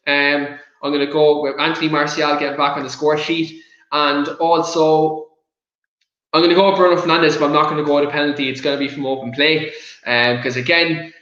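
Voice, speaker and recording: A fairly high-voiced Irish man hosts a casual football chat. He talks with passion, goes off on rants and slips into giggles. The sound is roomy and a little dull, as if recorded in an echoey space. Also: bright, forceful tone. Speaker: podcast host.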